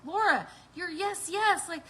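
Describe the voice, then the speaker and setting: A woman's voice: very high-pitched, lively intonation, unhurried, pushed and bright, slight background noise, rough recording. A woman hosting a live online prayer meeting, bubbly and laughing as she preaches and talks straight to her viewers. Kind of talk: excited livestream preaching and chat.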